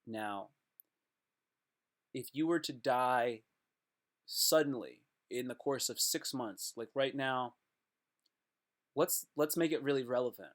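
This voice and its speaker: A man's voice: mid-range voice, takes it slowly, long pauses. A man talking to his viewers in a rambling casual monologue, joking around and cutting himself off. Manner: jokey, self-interrupting, slips into playful put-on voices.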